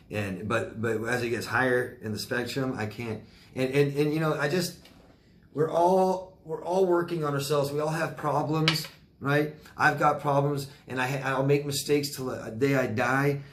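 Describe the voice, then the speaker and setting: A man's voice: mid-range voice, roomy sound, a little hiss or hum. A man, a life coach, answering viewer questions in a loose, rambling way, repeating words and using many fillers. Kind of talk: casual Q&A monologue.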